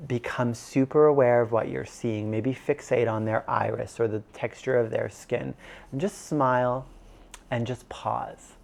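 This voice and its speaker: A man's voice: medium pitch, steady tone, a little slow, gravelly, darkish tone. A man in his thirties teaching an online course in a casual, conversational way, full of "like" and "you know". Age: 30s. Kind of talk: casual instructional talk.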